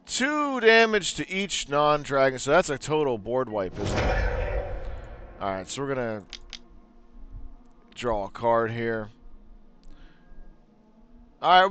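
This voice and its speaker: A man's voice: fairly high pitch, a bit bright, smooth. Joking man commentating a card game. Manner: joking, laughs at his own bits. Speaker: gameplay commentator.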